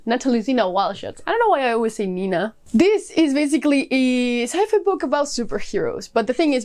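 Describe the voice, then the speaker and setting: A woman's voice: fairly high pitch, darkish tone. A woman giving a casual book review vlog, gushing with enthusiasm and filling her talk with "like" and "uh". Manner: gushing, enthusiastic, many fillers like "like".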